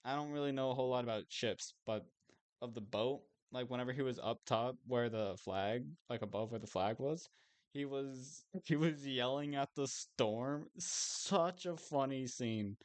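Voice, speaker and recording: A man's voice: medium pitch, normal speed. A young man chatting casually while streaming a game, rambling and self-amused, swearing now and then.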